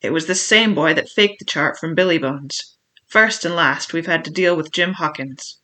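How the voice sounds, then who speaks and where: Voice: medium pitch, normal speed, sharp tone, lightly acted. A reader voicing a scheming old male pirate cook who roars commands in sailor's slang, in an audiobook. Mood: blustering. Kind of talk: audiobook reading.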